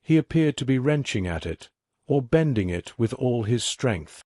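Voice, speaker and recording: A man reading a classic mystery aloud as a sleep story in a measured, even way. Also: medium pitch, no echo, clean studio sound. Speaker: audiobook narrator. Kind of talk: scripted sleep-story narration.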